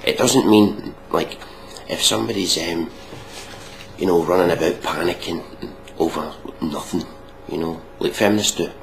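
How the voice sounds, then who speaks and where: A man's voice: low-pitched, moderate pace, vocal fry, slight background noise, rough recording. A man hosting a casual reaction video, mocking and sarcastic, swearing freely.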